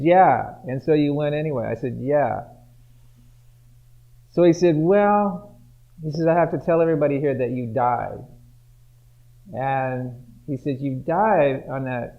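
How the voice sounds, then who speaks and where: A man as interview guest recalling his own past in a halting, wry way, quoting what others told him. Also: on the high side. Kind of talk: personal recollection. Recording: tinny phone-like audio.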